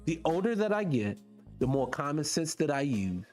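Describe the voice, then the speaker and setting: At a moderate pace and backed by soft music, the middle-aged host speaks casually to his radio audience. He's animated, leans heavily on rhetorical questions, and his pitch spikes when he gets excited.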